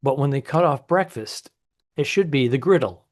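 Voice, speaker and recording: A man's voice: medium pitch, animated, moderate pace. A man co-hosting a comedy podcast in casual chat, easygoing and polite, speaking from a ship cabin through earbuds.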